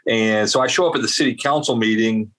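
A man from South Carolina with a somewhat low voice speaks a little fast as a guest in an interview. A veterans advocate, he tells a long, rambling story animatedly, packed with fillers and asides.

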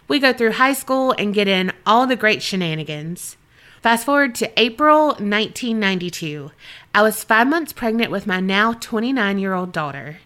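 A woman's voice: mid-range voice, fairly bright tone. A woman co-hosting a podcast, chatting candidly and reading out listener stories, swearing freely and laughing often. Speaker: podcast co-host.

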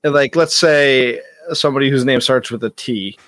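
A man's voice: medium pitch, moderate pace, a bit bright, no echo. A man co-hosting a podcast in casual movie talk, chiming in with wry asides and some swearing. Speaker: podcast co-host. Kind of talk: casual movie recap chat.

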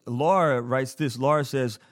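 A podcast host with a mid-range, slightly slow voice tells a story over soft background music. He's casual, playful, and jokey, self-deprecating and acting out the scenes as he goes.

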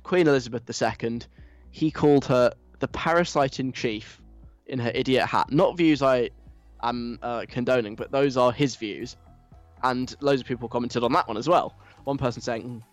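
A man hosting a casual radio show from a studio mic, telling stories in a chatty, amused way. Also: medium pitch. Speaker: radio host.

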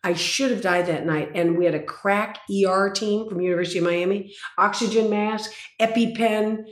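A woman's voice: medium pitch, moderate pace. An older woman in her sixties, a guest in an interview, telling stories intensely and dramatically. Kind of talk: interview conversation. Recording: roomy echo.

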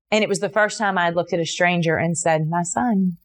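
A middle-aged woman earnestly telling a personal story in an interview, with fillers and restarts, acting out the voices in what people said. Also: fairly quick. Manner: earnest, animated retelling with many fillers and restarts; voices others in quotes, jumping high for her own reactions.

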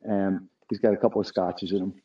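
A man's voice: deep voice, little pitch movement, a little fast, mellow, slightly rough, dull audio. A middle-aged man, a dealership owner, telling an anecdote to his staff with many restarts and fillers.

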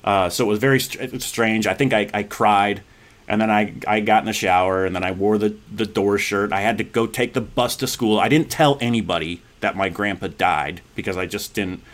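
A man on a podcast telling a personal story in a casual, rambling way, often laughing and then going quiet and reflective. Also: lowish voice, moderate pace.

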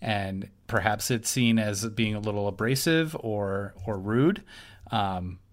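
A man's voice: fairly low pitch, slow. Rambling male podcast co-host. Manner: rambling, searching for words. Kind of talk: casual discussion.

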